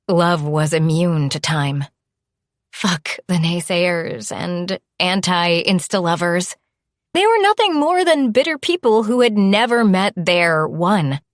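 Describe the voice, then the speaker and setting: A woman narrating a first-person audiobook in a soft, often whispered, unhurried delivery. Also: on the low side, no room sound, studio quality.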